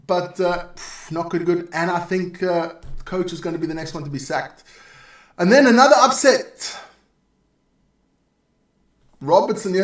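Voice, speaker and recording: A man hosting a live sports show, running through results in a casual, joking way with asides to his viewers. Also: sits high. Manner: chatty, joking, reads scores with asides to viewers.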